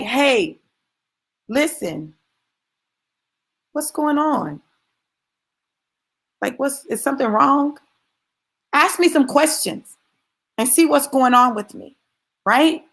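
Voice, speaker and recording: A woman's voice: sits high, fairly bright tone. A woman giving a motivational talk, speaking emphatically and conversationally straight to her listeners and repeating key phrases for stress. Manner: conversational, addresses listeners directly.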